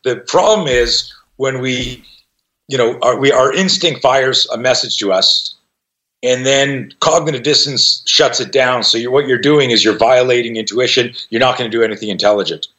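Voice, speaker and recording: A man's voice: mid-range voice, normal speed, low-quality recording. A middle-aged man telling a story as a podcast guest, swearing freely and acting out the voices of the people in it. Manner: profane, animated, acts out quoted voices. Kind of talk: casual storytelling.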